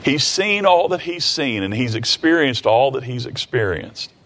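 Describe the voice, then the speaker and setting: A man preaching a sermon in a conversational way, retelling a scripture story with quick asides and restarts. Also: mid-range voice, sing-song, a bit bright.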